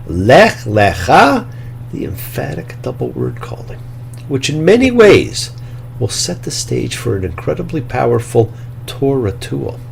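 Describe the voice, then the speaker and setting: A gravelly-voiced rabbi preaches a Torah lesson with a lively, swinging pitch. He slows down for drama and drops into hushed whispers. Faint hum underneath. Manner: slow, dramatic delivery with hushed whispered phrases. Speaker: rabbi and show host. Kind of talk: sermon-style Torah teaching.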